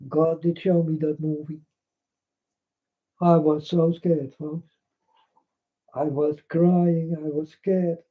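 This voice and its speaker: Man, Dutch accent, native Dutch speaker, broken English, monotone, rambling spiritual vlog, addresses folks. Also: fairly high pitch, takes it slowly, pauses often. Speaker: vlogger. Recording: dull lo-fi recording.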